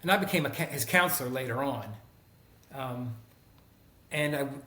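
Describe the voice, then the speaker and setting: A man's voice: medium pitch, normal speed, echoey room. A middle-aged man and former teacher, telling stories in a casual conversation and acting out the people he quotes. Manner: animated storyteller who acts out quoted people. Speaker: guest, former teacher and school counselor.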